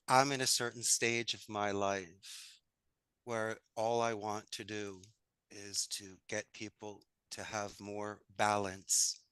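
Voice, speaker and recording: A man's voice: mid-range voice, bright, forceful tone, no echo. A man talking as a podcast guest, upbeat and folksy, full of homespun sayings. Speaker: podcast guest, call center owner. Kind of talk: conversational interview.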